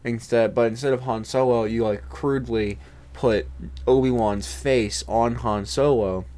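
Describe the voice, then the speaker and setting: Casual male host, rambling and filler-heavy, joking, mid pitch. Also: fairly even intonation, a little slow, mellow. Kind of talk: casual chat.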